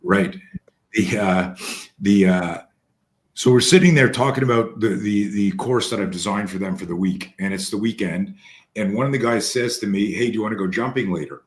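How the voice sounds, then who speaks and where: A man's voice: on the low side, normal speed. A man, a guest fear-management trainer, telling long anecdotes in casual talk with many restarts and fillers. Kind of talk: casual storytelling.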